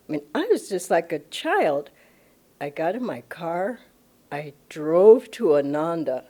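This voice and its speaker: A woman's voice: medium pitch, wildly swooping pitch, normal speed, a little mellow. An older woman from Los Angeles, a spiritual director telling her story enthusiastically and laughing often. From Los Angeles, USA. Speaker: spiritual director giving a satsang talk. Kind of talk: personal storytelling talk.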